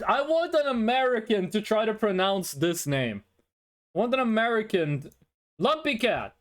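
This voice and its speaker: A man's voice: high-pitched, a bit bright. A young Norwegian man with a Norwegian accent, chatting casually and jokily with his chat while streaming a game. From Norway. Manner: rambling, chatty, answers chat, jokey.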